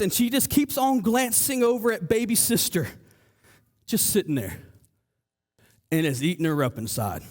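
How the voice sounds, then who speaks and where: In a church sanctuary, a male pastor with a high-sitting voice preaches a lively, animated sermon. He acts out the voices of people in his story, stammering and restarting often.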